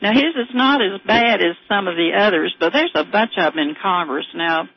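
A woman's voice: medium pitch, normal speed, breathy edge. An older woman with a Southern American accent, calling in to a radio show and chatting in a rambling, storytelling way, often laughing. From southern United States. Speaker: caller. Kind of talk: casual phone-in chat. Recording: muffled radio phone-in.

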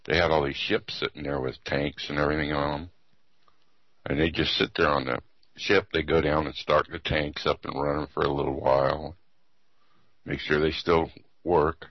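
A man's voice: a bass voice, fairly even intonation, moderate pace, no echo, muffled recording. A man casually telling a rambling story in an easygoing way.

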